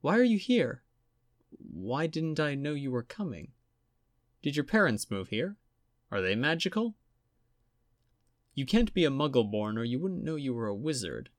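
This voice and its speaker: A man's voice: mid-range voice, big pitch swings, no echo, studio quality, voice pushed up. A man reading a story aloud and voicing a proud, chatty, lonely young female ghost in a raised, lilting voice. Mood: eager. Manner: eager rapid questions. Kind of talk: audiobook reading.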